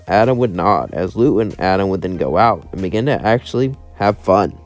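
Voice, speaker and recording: A man's voice: low-pitched, expressive, normal speed, hardly any pauses, faint music behind. A man narrating a fan-fiction story in a loose, run-on way.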